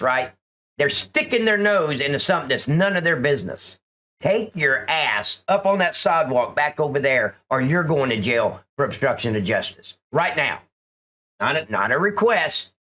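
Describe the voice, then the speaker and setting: A man's voice: mid-range voice, pushed and bright. A middle-aged man reacting to a police video, indignant and sarcastic, swearing often. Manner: indignant, profane, sarcastic ranting. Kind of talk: reaction commentary.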